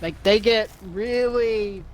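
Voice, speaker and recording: A man chatting while playing a game, halting and trailing off as he talks. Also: high-pitched, slight background noise. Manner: halting, many fillers and restarts. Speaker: gamer. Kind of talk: casual chat while gaming.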